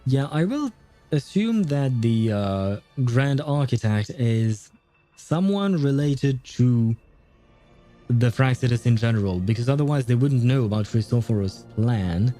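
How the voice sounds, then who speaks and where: Male livestream host, relaxed and chatty, warm mid voice. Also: mid-range voice, unhurried, soft background music. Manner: chatty, hesitant, laughs often. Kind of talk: gameplay commentary.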